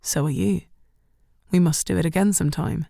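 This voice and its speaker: Woman playing a calm tender boyfriend, soothing, lowish, dry close sound. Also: normal speed, vocal fry, no room sound. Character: gentle reassuring young boyfriend.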